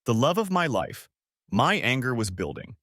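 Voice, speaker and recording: A man's voice: mid-range voice, very animated, moderate pace, fairly bright tone, no room sound, studio quality. A man narrating a first-person revenge story as an audiobook, telling it expressively.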